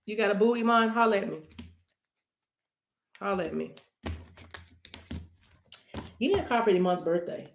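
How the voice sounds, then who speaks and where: A woman's voice: mid-range voice, normal speed, creaky, pauses often, reverberant, a little hiss or hum. A woman reading cards on a livestream, talking casually and playfully to her viewers and breaking into song now and then. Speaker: livestream card reader.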